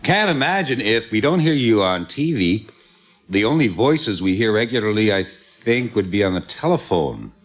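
A man's voice: fairly low pitch, big pitch swings, moderate pace. A man on a 1970s TV game show panel, asking questions with dry, wry wit. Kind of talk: quizzing a contestant.

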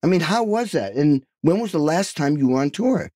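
An eager man in his sixties hosts a podcast, gushing over his guest and asking long, rambling questions. His voice sits a little high for a man and is recorded close and completely dry, with no room sound. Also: lively intonation, normal speed, warm tone, no room sound. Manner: enthusiastic, effusive introductions. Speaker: podcast host. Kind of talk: interview hosting.

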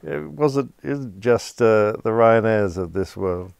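Low, gravelly-voiced podcast host. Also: male voice, animated, slow pace, a little mellow, dry recording, studio quality. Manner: conversational, prompting the guest with questions. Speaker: podcast host, airline captain. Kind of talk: casual interview chat.

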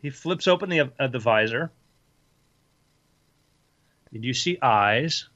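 Deadpan man narrating as game master. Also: medium pitch, slow pace, no room sound. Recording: slightly muffled dry audio.

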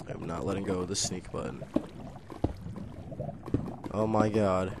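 A young man commentating his own game as a gaming channel host, nervous and excitable, muttering quietly, then bursting into loud exclamations. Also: sits low, unhurried, pauses often, heavy background noise. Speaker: gaming YouTuber. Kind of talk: let's play commentary.

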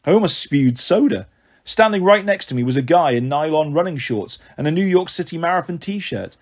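A man narrating a first-person story as an audiobook reader, in a lively, expressive way. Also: fairly high pitch, a little fast.

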